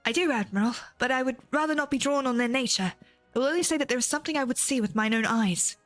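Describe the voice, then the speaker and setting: An earnest young noblewoman, read aloud by a woman in formal, old-fashioned phrasing. The voice sits slightly high. Soft game music runs behind. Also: fast talker, natural voice.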